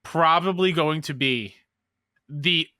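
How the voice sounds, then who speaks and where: Bright-voiced excitable young man. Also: a little high, clean tone, no room sound, clean studio sound. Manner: excitable, gushing, quick bursts. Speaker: podcast co-host. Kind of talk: casual podcast chat.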